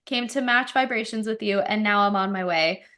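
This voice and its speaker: A cocky, self-assured tomcat speaks in a breezy, matter-of-fact way, as a woman puts him on in a podcast chat. His voice is a little higher and bright, with a confident edge. He sounds like he knows exactly where he is going. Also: normal speed, lightly acted. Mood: defiant.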